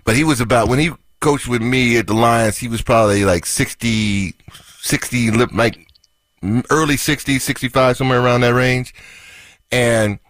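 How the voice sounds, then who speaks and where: A man's voice: medium pitch, fairly even intonation, fairly bright tone, no room sound. A man in his middle register spins locker-room tales on a sports podcast, stretching out words and laughing often. The recording is dry and close, with no room sound. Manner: laughing storyteller, drawn-out delivery. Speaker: podcast co-host, former football coach. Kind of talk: casual sports podcast chat.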